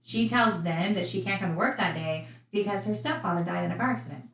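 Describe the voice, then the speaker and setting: A woman's voice: medium pitch, a little fast, fairly bright tone, echoey room, rough recording. A woman casually recounting a true crime case, chatty and indignant in her asides.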